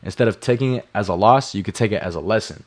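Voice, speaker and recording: A young male streamer delivers a motivational talk to his chat. His voice is on the low side, and he talks bluntly, swears freely and drives points home by repeating them. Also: fast talker. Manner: blunt and profane, hammering points with repetition. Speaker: livestreamer.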